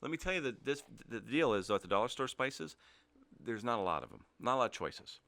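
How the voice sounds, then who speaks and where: Man, middle-aged, podcast co-host, casual chat, joking, bright voice, lively pitch. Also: fast, creaky. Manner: joking, laughs often, drifts between topics.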